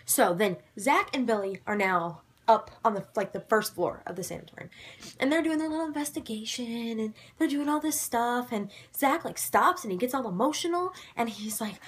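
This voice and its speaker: A young woman with a slightly husky, fairly high voice recaps a show in a chatty, excitable way. She lurches between loud, gleeful exclamations and hushed, dramatic whispers. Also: normal speed. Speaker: vlogger recapping a ghost-hunting show. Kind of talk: casual episode recap.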